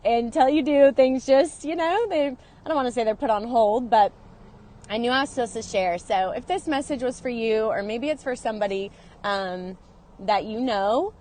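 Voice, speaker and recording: A woman's voice: a little high, a little mellow. Earnest emotional woman sharing heartfelt story. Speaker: vlogger. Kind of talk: personal confessional vlog. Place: in and near her car.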